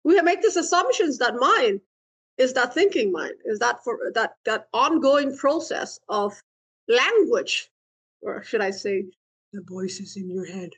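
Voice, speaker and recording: A woman's voice: a little high, big pitch swings, measured pace, fairly bright tone, husky. A woman giving a dharma talk, playful, laughing often and asking questions of her listeners. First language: Vietnamese. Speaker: meditation teacher and therapist.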